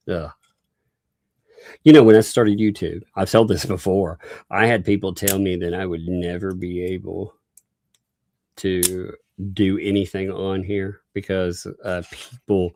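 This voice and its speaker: A man's voice: sits low, darkish tone, dry recording, clean studio sound. A man with a Southern US accent hosting a casual livestream, laughing often and reading viewer messages aloud. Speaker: livestream host.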